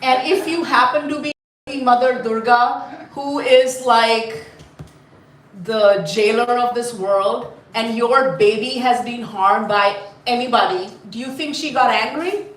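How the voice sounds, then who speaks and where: Animated high-voiced woman telling a story. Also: slow. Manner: animated, asks the audience questions. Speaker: storyteller teaching children. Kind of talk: live storytelling class. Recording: echoey room from far off.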